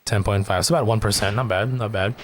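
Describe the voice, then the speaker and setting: A man's voice: fairly low pitch, fast talker, a little hiss or hum. A man streaming a video game, chatting casually and rambling about his progress. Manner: relaxed, rambling.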